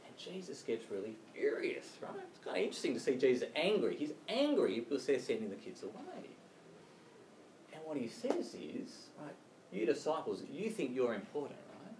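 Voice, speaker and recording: A man's voice: medium pitch, sing-song, normal speed, darkish tone, a little hiss or hum. A man preaching a sermon in a conversational way, often checking in with "right?" and "you know". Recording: roomy, distant mic with faint ambience.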